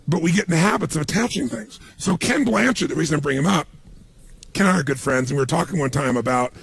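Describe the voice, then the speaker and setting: A man giving a motivational seminar talk, telling stories in an animated way and acting out other people's lines. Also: on the high side, fast, gravelly, slightly rough, no echo. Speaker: motivational speaker.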